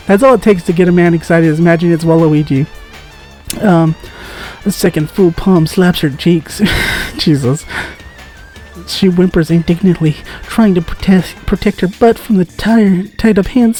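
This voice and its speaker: A man's voice: high-pitched, unhurried, pauses often, darkish tone, soft background music. A man giving let's-play commentary, reading game text aloud and making joking asides with frequent giggles. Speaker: gaming content creator.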